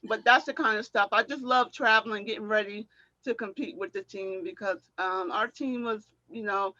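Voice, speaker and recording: A middle-aged woman, a former track athlete, telling animated stories in a casual chat and acting out what people said, often laughing. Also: medium pitch, moderate pace, dry recording, lo-fi sound. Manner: animated storyteller, acts out quotes, laughs often.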